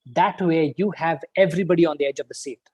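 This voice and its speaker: A man with a fairly high voice gives a speech evaluation at an online club meeting. He sounds upbeat and encouraging, leans on key words and pauses for effect. The sound is dry and close. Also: a little mellow, no room sound, low-quality recording.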